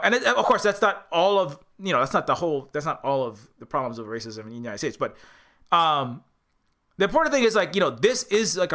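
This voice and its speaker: A man's voice: on the high side, bright, forceful tone. A man who makes indie games, talking casually and rambling, with many restarts, some swearing and quoted voices for other people. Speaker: indie game developer. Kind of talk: casual spoken commentary.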